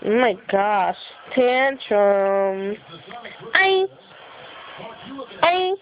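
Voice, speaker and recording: A woman's voice: medium pitch, big pitch swings, very slow, dull audio, crowd noise. A mother at home filming her baby on a phone, coaxing in sing-song baby talk and laughing often. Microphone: phone camera.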